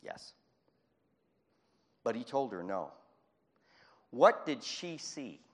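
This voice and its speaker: A male preacher delivering a lively sermon. He acts out Bible scenes and chuckles between points. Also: medium pitch, slow pace, long reverb tail.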